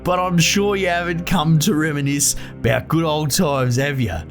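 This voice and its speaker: A man's voice: fairly high pitch, normal speed, faint music behind, pitched above the performer's own voice, natural voice. A man voicing a shrewd, jovial male merchant with a predatory grin, in a broad, folksy put-on accent, talking in a chummy drawl.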